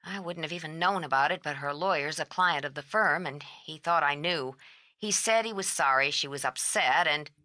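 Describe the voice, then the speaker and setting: A woman voicing an exhausted, sharp-tongued woman on the phone who has not slept, talking in a blunt, clipped way. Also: low-pitched, moderate pace, no room sound, clean studio sound. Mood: weary. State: strung out from no sleep.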